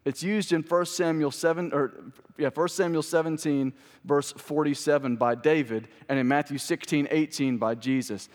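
A male pastor with a fairly high voice preaches in a church sanctuary, and his words ring out with a long hall reverb. He moves from loud proclamation to quiet, chatty asides. He repeats key phrases and puts questions to his listeners. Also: steady tone, normal speed. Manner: repeats phrases for emphasis, asks the congregation questions. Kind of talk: sermon.

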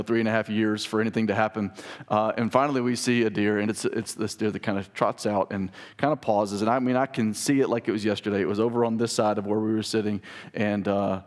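A young pastor preaching in a lively, storytelling way. His voice jumps high and loud when he acts out a scene. Then it sinks to a hushed, close tone for the tender points. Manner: animated storyteller, drops to soft intimate tone. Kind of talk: sermon with personal storytelling.

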